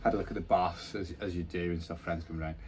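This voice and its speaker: A man's voice: low-pitched, steady tone, fast, darkish tone, a little hiss or hum. A man casually walking through the build of his converted bus, plain-spoken and self-deprecating, rambling along. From United Kingdom. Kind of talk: casual narrated build vlog. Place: inside a bus being converted.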